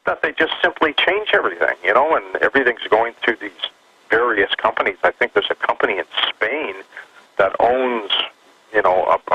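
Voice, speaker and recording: A man joining a talk radio show as a guest, speaking in a lively, indignant way with stammering restarts, heard over a dull phone line. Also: on the low side, slight background noise.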